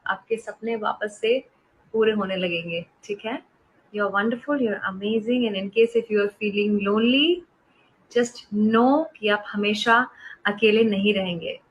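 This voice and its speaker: A woman, chatting casually on a live stream. She greets viewers by name, blows kisses and gives soft, encouraging pep talks. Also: medium pitch, muffled recording. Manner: switches between English and Hindi.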